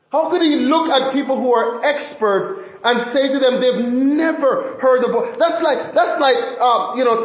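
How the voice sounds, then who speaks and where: A man preaching a sermon as pastor, emphatic and animated, often restarting phrases. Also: very high voice, echoey room, poor audio.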